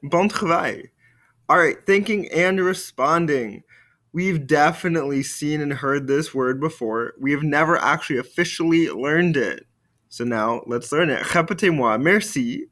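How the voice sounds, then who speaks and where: Male teacher voice, video lesson: steady explaining, slow drilled French phrases to repeat. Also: on the high side. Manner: upbeat classroom explaining.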